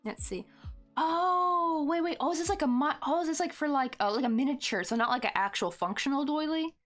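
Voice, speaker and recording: A woman's voice: high-pitched, brisk, fairly bright tone, faint music behind. A young woman with a Southern Tennessee accent chats at her desk while crocheting, rambling with lots of fillers as she answers viewers. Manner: chatty and rambling, full of "like" and "um", answering viewer chat. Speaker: crochet live streamer. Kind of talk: casual chat while crafting on stream.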